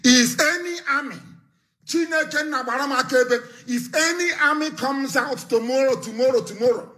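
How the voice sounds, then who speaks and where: A man with a Nigerian accent delivers a fiery live broadcast address. His voice sits high and sounds bright and forceful, and he is scornful throughout, repeating phrases and breaking into shouts. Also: normal speed. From southeastern Nigeria. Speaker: activist leader.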